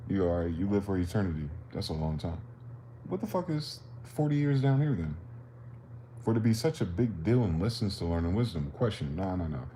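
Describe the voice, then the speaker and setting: Low-voiced man musing in street slang. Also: mellow, a little hiss or hum. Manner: profane, questioning, street slang. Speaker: livestream host. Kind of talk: rambling philosophical monologue.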